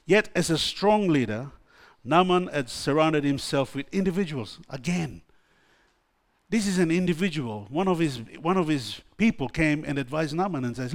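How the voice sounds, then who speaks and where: A man's voice: a little high, animated, normal speed. A man preaching a sermon, reading Bible verses aloud and stopping to explain them, with restarts and exclamations along the way.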